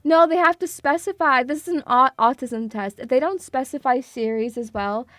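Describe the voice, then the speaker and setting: A woman's voice: sits high, moderate pace, a bit bright, no room sound, clean studio sound. A woman streaming casually to her viewers, chatty and self-mocking, swearing freely and laughing often as she talks through a quiz. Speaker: VTuber streamer. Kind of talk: casual live-stream chat.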